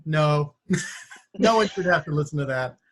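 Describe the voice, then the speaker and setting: A man's voice: on the high side, expressive, moderate pace. A man hosting a casual podcast, joking dryly and often stumbling over his words as he riffs. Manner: wry, stammers and restarts when riffing. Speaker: podcast host.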